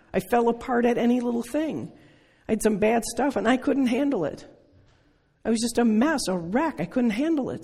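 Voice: medium pitch, a little mellow, husky. A preacher in their sixties giving an earnest, conversational sermon full of rhetorical questions. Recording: long reverb of a large hall.

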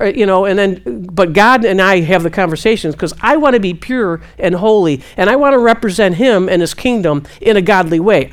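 A woman giving casual Christian teaching, answering a question and acting out her own prayers. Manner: animated, quotes God in hushed low voice.

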